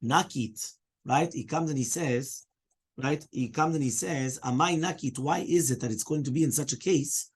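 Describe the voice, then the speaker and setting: A man's voice: on the high side, normal speed, slightly rough. A man who is a rabbi leading a Talmud study class, explaining step by step, fielding students' questions and often checking in with "right?".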